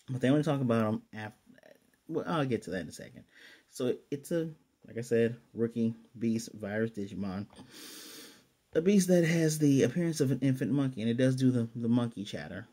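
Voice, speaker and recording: A man casually reviewing an anime episode on his own channel, rambling enthusiastically and quoting characters in quick asides. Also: mid-range voice, mellow, husky. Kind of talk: casual solo video review.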